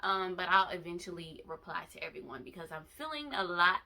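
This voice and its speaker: A woman's voice: on the low side, fairly quick. A young woman, vlogging to her viewers in an emotional, emphatic way. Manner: animated, emphatic, addresses viewers directly. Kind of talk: emotional fan vlog. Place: bedroom.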